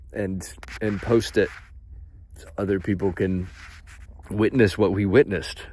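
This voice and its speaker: A man chatting on a late-night livestream in a loose, awed and profane way, drawing out his words and laughing often. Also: fairly low pitch.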